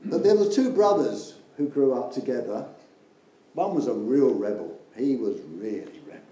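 An older man preaches an earnest, rambling sermon, his voice mellow and dark in tone. His pitch rises and falls in a lively way. The recording is very echoey, with faint ambient noise of the church hall behind him. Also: normal speed. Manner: earnest, rambling, with many restarts and asides.

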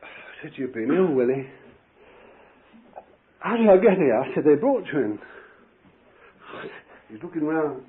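A man's voice: a little high, a little slow, pauses often. Fervent preacher man, old tape. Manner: animated, shouts in fervent bursts. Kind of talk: sermon testimony storytelling. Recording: tinny phone-like old tape.

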